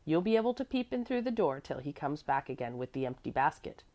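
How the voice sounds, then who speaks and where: Earnest, fretful old housekeeper type, emphatic, with lively pitch swings, read by a woman. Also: a little fast, muffled recording. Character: fussy, devoted older woman servant.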